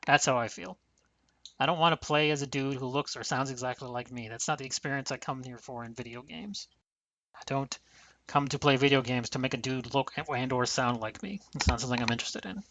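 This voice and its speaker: A man's voice: medium pitch, steady tone, brisk, fairly bright tone, slight background noise. A man hosting a casual podcast, talking bluntly and profanely in long rambling runs. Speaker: podcast host.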